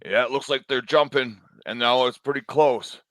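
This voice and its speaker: A man playing a gruff soldier in a tabletop role-play, talking in a casual, bantering way. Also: medium pitch, steady tone, moderate pace, a bit bright, dry recording. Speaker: player.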